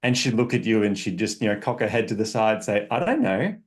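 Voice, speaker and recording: A man's voice: on the low side, steady tone, fast. A man speaking as a relationship coach on a podcast, explaining emphatically with examples and frequent check-ins. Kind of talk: casual podcast conversation.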